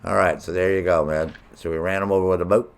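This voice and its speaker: A brash middle-aged man streams a game, joking and cursing as he talks to his viewers. His voice sits on the low side, with a faint hiss of noise behind it. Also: steady tone, fast talker, gravelly. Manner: brash, profane, joking banter with chat. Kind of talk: live gameplay commentary.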